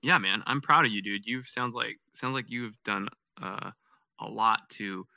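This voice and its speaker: A man hosts a podcast in a laid-back way, full of fillers and slang. His voice is gravelly and bright, with a sharp edge. The sound is dry and close. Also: fairly low pitch, a little slow, no room sound, highs cut off. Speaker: podcast host. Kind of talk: casual chat.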